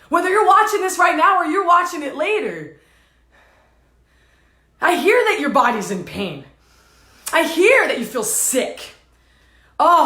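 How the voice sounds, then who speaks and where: A woman's voice: sits high, pushed and bright. A woman speaking emotionally to her viewers as a spiritual teacher, repeating intense affirmations and swearing casually. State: tearful and dizzy at times. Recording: roomy echo.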